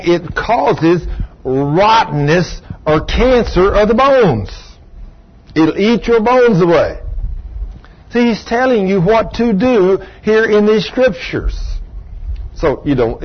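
Husky older preacher, animated sermon. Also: male voice, high-pitched. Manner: animated storytelling, acting out voices. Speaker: pastor. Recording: dull lo-fi recording.

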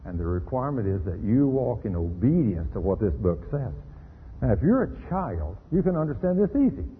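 A middle-aged man preaching an animated radio sermon, full of rhetorical questions. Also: on the low side, moderate pace, breathy edge. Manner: animated, rhetorical questions, acts out quoted voices. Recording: tinny phone-like radio broadcast with reverb.

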